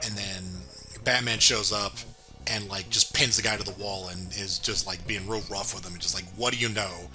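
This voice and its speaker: A man's voice: fairly low pitch, fairly even intonation, moderate pace, music in the background. A man in casual chat, recapping cartoon episodes and acting out quoted lines, with many fillers. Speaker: podcast co-host reviewing a cartoon.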